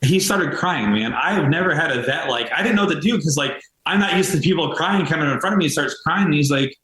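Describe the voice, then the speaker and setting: A man's voice: on the high side, animated, fast talker, hardly any pauses, fairly bright tone, reverberant, poor audio. A man who co-founded a veterans' nonprofit, speaking earnestly and casually in a podcast interview, with many fillers and restarts. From United States.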